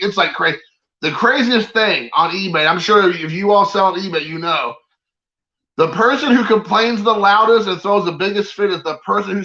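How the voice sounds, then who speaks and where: A man's voice: high voice, creaky, bright, forceful tone, dull audio. A man hosting a collector vlog, talking in an exasperated, rambling and slangy way. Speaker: collector channel host. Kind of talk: casual ranting vlog.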